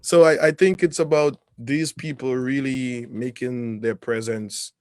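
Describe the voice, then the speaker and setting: Measured man, dry close sound. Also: medium pitch, steady tone, a little mellow, no echo. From Caribbean. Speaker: podcast co-host. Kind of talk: casual chat.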